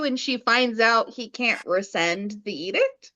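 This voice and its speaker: Slow-talking woman, dull lo-fi sound. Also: high voice, a bit bright. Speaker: podcast co-host. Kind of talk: casual chat.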